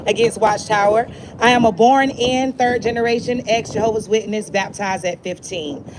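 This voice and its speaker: Woman reading her notes at a protest, traffic noise pretty clear. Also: on the high side, fairly even intonation, normal speed. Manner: reads from notes. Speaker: activist speaker. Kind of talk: reading a prepared speech. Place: outdoors at a protest. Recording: outdoor street noise with traffic.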